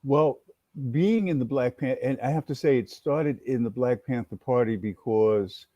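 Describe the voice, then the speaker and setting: A man in his sixties from New York, an animated storyteller who acts out his story as an interview guest. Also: medium pitch, no room sound, muffled recording. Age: 60s. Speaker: guest, former activist and educator.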